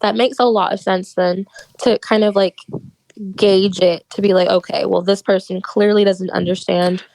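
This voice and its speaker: A woman's voice: mid-range voice, fairly even intonation, normal speed, vocal fry, a little mellow, low-quality recording. A woman co-hosting a podcast in casual chat, talking enthusiastically and acting out her own reactions. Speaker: podcast co-host.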